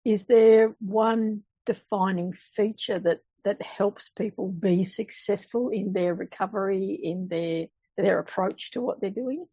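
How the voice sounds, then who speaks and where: Mellow, husky woman hosting a podcast. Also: medium pitch, no room sound, lo-fi sound. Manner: measured, asks long framed questions. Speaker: podcast host.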